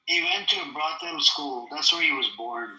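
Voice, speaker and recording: Gravelly, heckling man. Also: on the high side, huge pitch swings, moderate pace, sharp tone, echoey room, poor audio. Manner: heckling, insulting, sometimes calls for order. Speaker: debate participant. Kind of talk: heated online debate.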